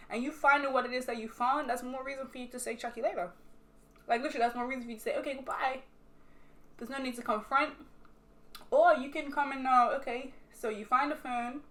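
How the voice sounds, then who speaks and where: A young woman from Bermuda with a Bermudian accent that sometimes slips into British, chatting bluntly and swearing as she answers viewer questions over a glass of wine. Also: on the high side. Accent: Bermudian, sometimes switching to British. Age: young adult. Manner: blunt, animated storytelling with frequent swearing. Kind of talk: casual chat while sipping wine.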